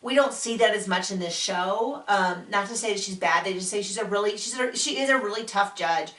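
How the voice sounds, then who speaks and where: A woman hosting a casual spoken TV recap, chatty and enthusiastic, acting out quotes with sudden jumps in pitch. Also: fairly quick, fairly bright tone, recorded from a distance. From United States. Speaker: podcast host reviewing a TV show. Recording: echoey room, voice a bit off-mic.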